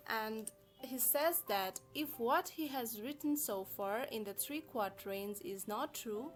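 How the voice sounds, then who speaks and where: A woman lecturing on a poem in a careful, explanatory way, often pausing with "uh" as she works through her points. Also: on the high side. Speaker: literature teacher. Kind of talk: recorded poetry lesson.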